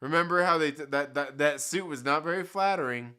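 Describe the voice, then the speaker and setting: A man's voice: on the high side, fairly quick, bright, forceful tone, smooth. A man hosting a live stream, chatting casually with his viewers and reading their comments aloud, with slangy, profane jokes. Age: adult with children. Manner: slangy, profane and joking, laughs often.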